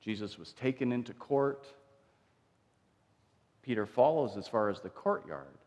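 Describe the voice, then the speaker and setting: A man's voice: medium pitch, animated, a little slow, a little mellow, lo-fi sound. A man preaching a sermon, telling the story in a conversational way and acting out the quotes. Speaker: pastor. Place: church sanctuary. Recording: long church reverb.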